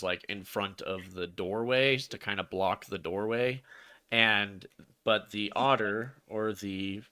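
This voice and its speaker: Casting note: lower-pitched man, bright forward tone, dry close mic, loose rambling storyteller. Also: clean tone, dry recording. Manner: rambling storyteller with restarts, laughs into jokes. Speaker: podcast co-host telling a legend. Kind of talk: casual chat.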